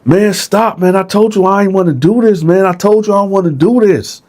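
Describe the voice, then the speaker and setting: Man doing a panicked, high-pitched pleading inmate. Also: brisk, darkish tone, close to an everyday voice. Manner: high, frantic pleading cries.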